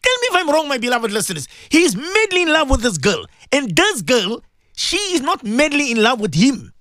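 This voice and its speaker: A middle-aged man, a cleric hosting a radio talk show, speaks to his listeners with emphatic, preacher-like conviction. His pitch leaps and dips constantly. The sound is dry and close, as in a studio booth. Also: brisk, dry recording. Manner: animated, emphatic preaching, addresses listeners directly. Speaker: Muslim cleric and radio host.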